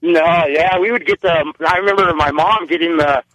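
Bright, high-voiced man telling stories. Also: normal speed, no echo, lo-fi sound. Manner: rambling, tells stories with slang. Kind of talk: casual radio banter.

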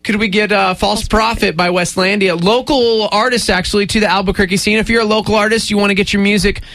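A man's voice: sits high, fairly even intonation, a bit bright, no room sound. Male radio host, casual morning banter, laid-back, jokey, studio mic. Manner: laid-back, jokey, quick promo reads.

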